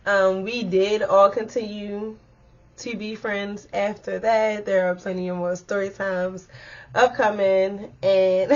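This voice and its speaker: A young woman chats through a story time for her viewers. She is animated and swears freely, and laughter keeps bubbling up. The recording is a little dull and lo-fi, with a faint hiss behind her. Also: mid-range voice. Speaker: vlogger telling a story time. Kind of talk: casual storytime chat to viewers.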